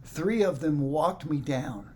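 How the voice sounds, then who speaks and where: Storytelling male speaker, acts out other voices, high-pitched, faint hiss in the background. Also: lively intonation, slow, a little mellow. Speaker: musician telling a story to a congregation. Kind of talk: storytelling talk.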